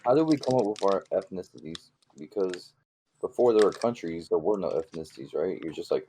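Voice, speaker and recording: A young man on a casual group podcast, excitedly musing half-formed questions aloud. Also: sits low, fairly quick, slightly rough, rough recording. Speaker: podcast co-host.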